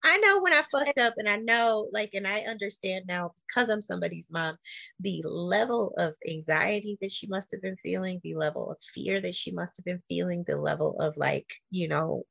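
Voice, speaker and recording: A woman's voice: lowish voice, moderate pace, gravelly, pushed and bright, no room sound. A woman co-hosting a podcast, talking candidly and animatedly in casual conversation, with slangy, emphatic asides. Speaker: podcast co-host.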